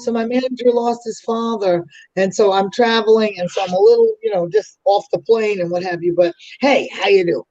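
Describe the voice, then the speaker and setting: A woman's voice: mid-range voice, fairly quick, dry recording. Older woman with a New York accent; chatty storyteller, dry, dull remote audio. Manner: chatty storyteller, lively asides. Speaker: guest. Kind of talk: casual interview chat.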